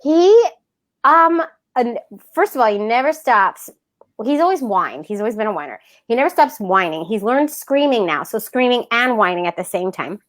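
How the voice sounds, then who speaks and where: A woman, co-hosting a casual podcast chat, telling animated stories and acting out her toddler. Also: on the high side, moderate pace. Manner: animated storytelling, laughs often, acts out her toddler. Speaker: podcast co-host.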